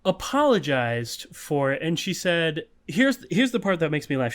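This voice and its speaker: With a fairly high-pitched voice, a man co-hosting a podcast chats loosely and casually. He laughs as he rambles through the story, packing it with curse words and fillers.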